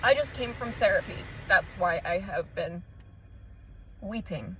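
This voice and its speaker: A woman's voice: medium pitch, lively intonation, normal speed, a bit bright, a little hiss or hum, rough recording. A woman talking in a casual confessional vlog, emotional and rambling, swearing freely as she searches for words. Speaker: vlogger.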